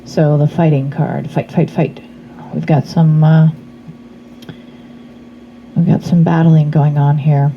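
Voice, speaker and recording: A slightly hoarse woman reading tarot cards in a casual vlog, talking in a chatty, meandering way that trails off into fillers. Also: sits low, flat delivery, slow, long pauses, muffled recording, slight background noise. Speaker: tarot reader.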